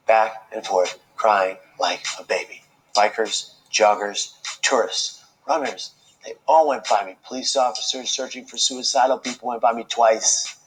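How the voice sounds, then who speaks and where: A man telling his own life story as a speaker, earnest and slow, with dramatic pauses. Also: on the low side, rough recording. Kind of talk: emotional personal storytelling speech.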